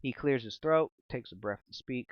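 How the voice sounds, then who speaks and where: A man's voice: mid-range voice, normal speed, no echo, dull audio. A man running a tabletop game, switching between loose, profane chat and dramatic scene narration, laughing often. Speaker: game master.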